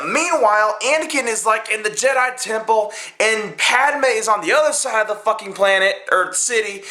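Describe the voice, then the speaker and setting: A man giving a casual, rambling film review, profane and excitable, full of fillers. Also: extremely high pitch.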